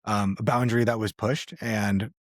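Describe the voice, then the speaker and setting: A man's voice: lowish voice, steady tone, measured pace, no echo, studio quality. A man co-hosting a podcast, speaking candidly and reflectively in casual chat. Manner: reflective, candid, with fillers and restarts. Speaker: podcast co-host.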